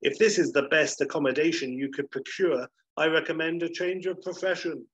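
A man voicing a haughty upper-class English gentleman criminal, clipped and disdainful, with a husky voice. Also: a little high, fairly quick, muffled recording, pitched above the performer's own voice.

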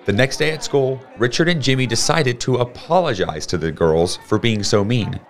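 A man reading a children's storybook aloud in a steady, plain storytelling manner. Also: mid-range voice, normal speed. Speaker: storybook reader.

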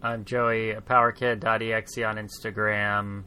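A woman's voice: very deep voice, level tone, measured pace, sharp tone, smooth. A woman co-hosting a casual book podcast, blunt with dry quips. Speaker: podcast co-host. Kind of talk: casual chat.

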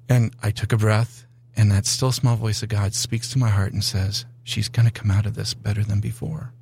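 A middle-aged man telling a personal testimony on a talk show, animated and acting out the voices in his story. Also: fairly low pitch, brisk. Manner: animated storyteller, acts out dialogue. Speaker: guest. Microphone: studio mic.

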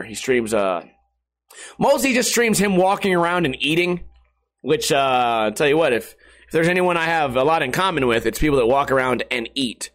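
A man's voice: on the high side, a bit bright. A young man streaming from home, telling crude, rambling stories in casual chat and laughing at his own jokes. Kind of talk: casual profane monologue.

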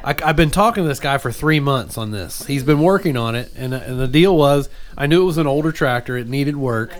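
A man's voice: mid-range voice, lively intonation, fairly quick. A man telling a long story in casual chat, rambling, with many restarts and asides.

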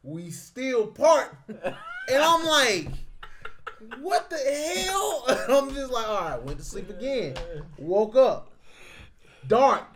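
Animated man telling a story. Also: sits high, slow, pauses often. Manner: animated, exaggerated retelling with slang. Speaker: guest. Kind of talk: casual storytelling chat.

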